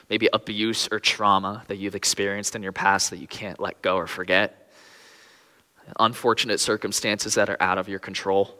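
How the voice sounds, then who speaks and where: A man's voice: on the low side, sharp tone, big-room sound. A young man preaching a sermon in an earnest way, his voice rising when he pleads.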